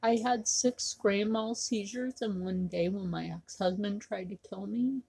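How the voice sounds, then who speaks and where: A woman vlogging to her camera, rambling and circling back to the same points, with fillers between her phrases. Her voice is husky and her delivery is slow and unhurried. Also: medium pitch, dark tone. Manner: rambling, repetitive, with many fillers. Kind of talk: casual talk to camera.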